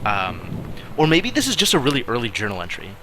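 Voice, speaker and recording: A man streaming a game, musing aloud in casual commentary with wry asides and quiet mutters. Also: mid-range voice, wildly swooping pitch, fairly quick, background noise.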